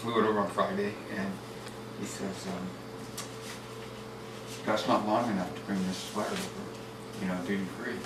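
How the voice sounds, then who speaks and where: An older man with a somewhat low voice tells a party story in a dry, plain way. He is caught on a home camcorder from across an echoey room, with steady background noise. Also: normal speed, long pauses, far from the mic. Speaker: party guest telling a story. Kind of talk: casual anecdote at a family party. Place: home birthday party, indoors. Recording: noisy roomy home video from afar.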